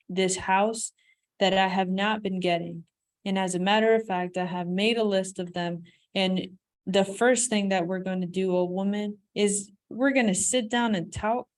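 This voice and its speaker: A woman's voice: medium pitch, fairly even intonation, unhurried, close to an everyday voice. A woman reading as a blustering husband. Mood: demanding. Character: blustering husband, grown man, demanding.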